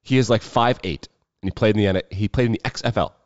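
A man hosting a casual solo sports talk show, profane and wry with quick asides. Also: fairly low pitch, no room sound, lo-fi sound. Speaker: sports betting show host.

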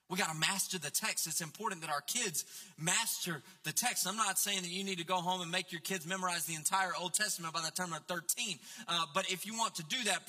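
Male pastor, fairly high and very bright tone, chatty sermon with asides, church hall reverb. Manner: conversational, repeats and restarts, direct asides to the congregation. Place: church sanctuary.

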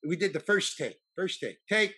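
Husky man rambling through an anecdote. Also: sits high, animated, normal speed, sharp tone. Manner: rambling with many restarts and stammers. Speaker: actor, interview guest. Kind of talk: casual anecdote telling.

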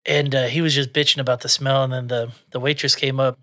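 A man's voice: mid-range voice, little pitch movement, fast, pushed and bright, dry recording, studio quality. A man co-hosting a podcast, chatting loosely, swearing and laughing often. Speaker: podcast co-host. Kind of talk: casual chat.

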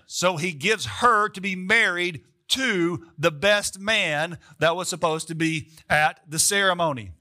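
Bright-voiced preacher, chatty storytelling. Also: male voice, high-pitched, a little slow. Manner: casual storytelling with asides to the audience. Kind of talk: sermon.

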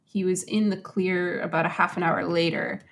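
A woman casually retelling a true story to a co-host, animated and acting out quotes in little voices. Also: fairly low pitch, normal speed. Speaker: podcast host.

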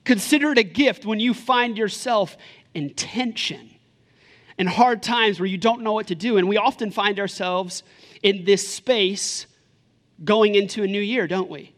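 A man in his thirties, a pastor preaching a sermon in a lively, conversational way, full of rhetorical questions. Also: high-pitched, unhurried.

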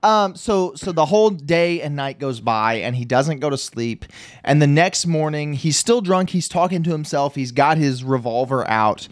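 A man's voice: on the high side, animated, moderate pace, dry recording, studio quality. A man chatting casually as a podcast host, rambling through a movie plot with restarts and laughs. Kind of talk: casual chat recapping a movie.

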